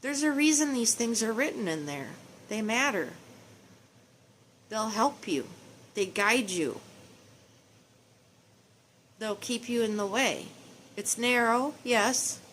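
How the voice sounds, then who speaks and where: A woman's voice: a little high, expressive, slow, long pauses, a bit bright, a little hiss or hum. Pleading middle-aged mother. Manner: emotional, pleading, tender; preachy, quotes scripture. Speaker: mother addressing her estranged children. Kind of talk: personal video message.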